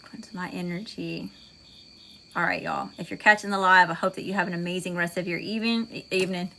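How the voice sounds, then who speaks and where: A woman with a Southern US accent, a tarot reader hosting a livestream, moving between chatty, folksy talk with viewers and a calm guided meditation. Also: lowish voice, fast talker, gravelly, slight background noise. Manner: folksy, chatty, says y'all often.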